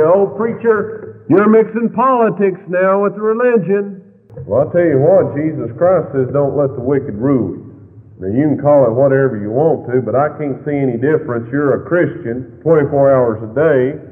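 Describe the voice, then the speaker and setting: A man delivers a fiery sermon, his voice swinging suddenly loud and high. The recording is tinny and lo-fi, made in a hall with long echo.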